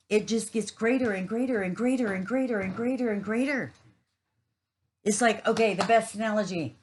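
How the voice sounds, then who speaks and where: A woman's voice: mid-range voice, normal speed, breathy edge, poor audio. A woman giving a rambling, casual spiritual monologue, earthy and swearing freely.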